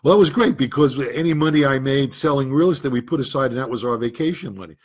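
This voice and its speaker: A man's voice: mid-range voice, fast, breathy edge. An older man, a former policeman and businessman, telling stories from his past in a casual, rambling way on a podcast. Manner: rambling, recollecting aloud. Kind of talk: casual conversational storytelling.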